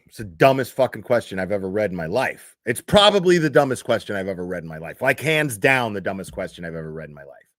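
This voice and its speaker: A man's voice: on the low side, very animated, quick pace, no echo, clean studio sound. A man giving a profane, exasperated reaction commentary, reading posts aloud and mocking them. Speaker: commentary streamer.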